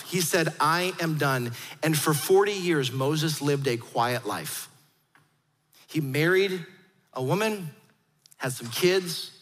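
A male pastor delivers an animated sermon in a high voice, carried by the long reverb of a large hall. He slips into voices for the people in his story as he preaches. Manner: animated, acts out quoted voices.

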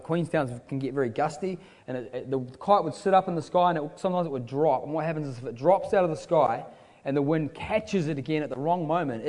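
New Zealand preacher in a reverberant hall. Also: male voice, medium pitch, a little mellow. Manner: casual, joking asides to the crowd. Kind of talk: sermon with storytelling.

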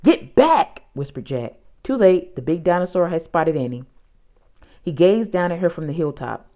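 A woman narrating a children's storybook in an expressive, dramatic way. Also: low voice, moderate pace.

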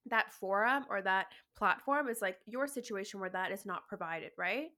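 A woman's voice: mid-range voice, normal speed, sharp tone. Woman co-host, passionate and emphatic, swears a lot. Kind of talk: casual chat.

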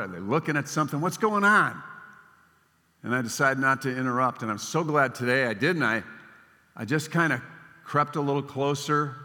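An older man preaching in a large hall, his voice bright and forceful. He tells stories, rising to emphatic lines and then dropping to a hush. A long reverb trails after each phrase. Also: mid-range voice. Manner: storytelling, swings between emphatic and hushed. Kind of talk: sermon.

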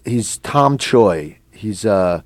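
A man hosting a casual interview, chatty and rambling, telling quick stories. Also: on the low side, animated, no room sound, studio quality. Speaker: podcast host.

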